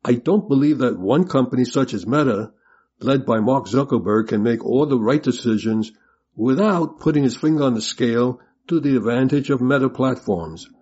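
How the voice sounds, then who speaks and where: A man giving an opinionated commentary in a measured way. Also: mid-range voice, a little mellow, husky. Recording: dull lo-fi sound.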